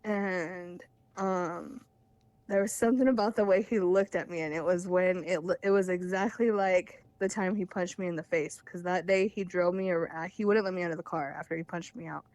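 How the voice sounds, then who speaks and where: A woman's voice: fairly low pitch, steady tone, moderate pace, darkish tone, no room sound. Candid young woman telling her story. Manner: candid, rambling, laughs between phrases. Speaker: caller sharing her story. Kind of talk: casual personal storytelling.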